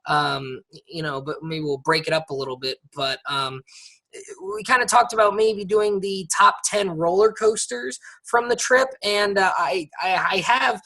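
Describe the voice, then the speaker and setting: An American man co-hosts a podcast, chatting casually and often restarting or saying "um." His voice is high and sharp, and he talks at a measured pace.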